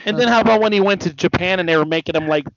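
Male co-host, higher pitch, animated and profane; dull podcast audio. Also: racing, no room sound. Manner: swearing, animated retelling of stories. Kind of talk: casual wrestling chat. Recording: dry, dull lo-fi sound.

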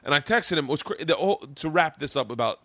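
A man's voice: on the high side, expressive, fairly bright tone, no echo. Rambling man hosting a podcast. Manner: rambling, halting, profane, with many restarts. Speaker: comedian podcast host. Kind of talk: casual podcast chat.

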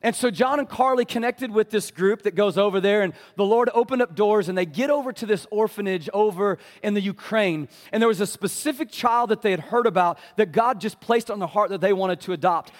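High-voiced preaching man in a reverberant church. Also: brisk, few pauses. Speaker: pastor. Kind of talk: sermon. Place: church sanctuary.

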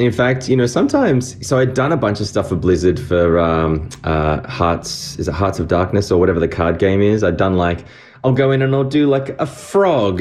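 A man in his forties from Australia, a voice actor chatting animatedly about his work in an interview. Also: sits low. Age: 40s. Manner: chatty, animated, with frequent restarts. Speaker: voice actor guest. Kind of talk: casual interview chat.

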